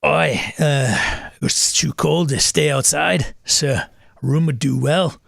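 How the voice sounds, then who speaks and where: A male player at a tabletop game, hesitant and halting. His voice is gravelly and slightly high, with lively pitch, and the sound is close and dry. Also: dry recording. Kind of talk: casual tabletop play.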